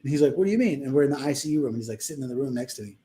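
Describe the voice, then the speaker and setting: A man's voice: medium pitch, fairly even intonation, rapid-fire, warm tone. A young man telling a personal story in a casual podcast chat, rambling and heartfelt, acting out the people he quotes.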